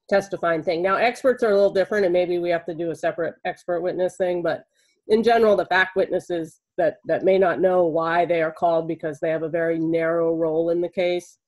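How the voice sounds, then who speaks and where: A woman's voice: lowish voice, a little mellow, poor audio. Woman jury consultant on a video call. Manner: conversational, explains with anecdotes. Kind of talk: webinar panel discussion.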